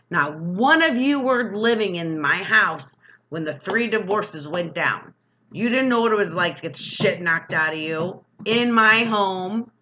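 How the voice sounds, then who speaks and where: A woman's voice: fairly low pitch, sharp tone, muffled recording, a little hiss or hum. Angry, defiant woman ranting to camera. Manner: angry, defiant, fast-talking. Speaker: vlogger. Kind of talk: emotional personal rant to camera.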